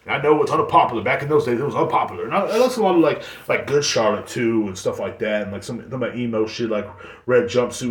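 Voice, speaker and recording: A man in his thirties hosting a podcast, rambling in casual chat and swearing a lot. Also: mid-range voice. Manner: rambling and heavily profane. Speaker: podcast host. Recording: roomy echo.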